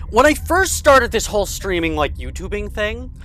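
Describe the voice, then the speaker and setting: A man streaming a co-op game with friends, chatting excitedly and explaining things at length. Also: sits high, normal speed, slight background noise, low-quality recording. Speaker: gaming streamer. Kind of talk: casual co-op game chat.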